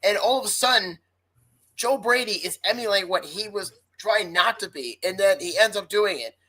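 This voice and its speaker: A woman's voice: mid-range voice, expressive, moderate pace, fairly bright tone, low-quality recording. A woman co-hosting a sports podcast, ranting hotly and swearing freely in casual talk. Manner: heated, profane ranting. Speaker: podcast co-host.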